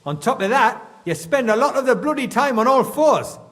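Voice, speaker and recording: A grumbling Geordie mine foreman, blunt and thick with dialect slang. His voice sits high and swings widely as he complains. It rings with a long hall-like reverb. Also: animated, moderate pace, a bit bright. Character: gruff middle-aged male mine foreman, grumbling and suspicious.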